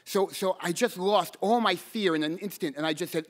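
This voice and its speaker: High-voiced man telling a true story. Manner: earnest, halting repeats, bursts into shouted quotes. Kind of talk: live personal storytelling. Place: storytelling stage event.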